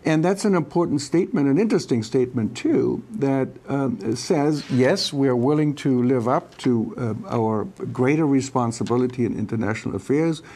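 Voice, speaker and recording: A man's voice: mid-range voice, normal speed, hardly any pauses, mellow. A man from Germany, a foreign policy expert, answering interview questions in a hesitant way with many fillers and restarts.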